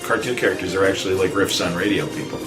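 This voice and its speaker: A man's voice: low-pitched, quick pace. A man hosting a podcast, telling trivia in a rambling, digressive casual chat. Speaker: podcast host. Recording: echoey room with faint music.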